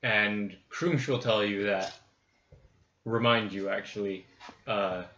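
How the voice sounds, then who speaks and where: A man narrating a tabletop game as game master, in loose banter with swearing. His voice is bright and sharp. The sound is dull and echoey. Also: lowish voice, fairly even intonation, slow. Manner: laughing, swearing casual banter.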